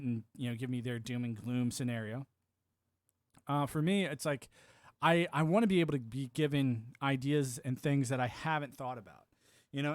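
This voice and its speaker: A man's voice: medium pitch, no room sound. Rambling American man, dry close mic. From United States. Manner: animated, acts out quoted voices, filler-heavy. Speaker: livestream host. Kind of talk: casual rambling monologue.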